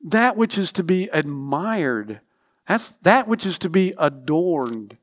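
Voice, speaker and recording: A man preaching a sermon with emphatic, repetitive phrasing and frequent restarts, sometimes dropping into a quiet aside. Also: fairly high pitch, big pitch swings, slow pace. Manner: drops to a soft, near-whispered aside at times. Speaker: pastor.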